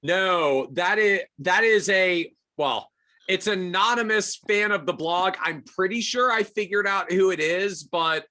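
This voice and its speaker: Male podcast guest, bright and slightly high, casual and self-deprecating. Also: a little slow. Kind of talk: casual chat.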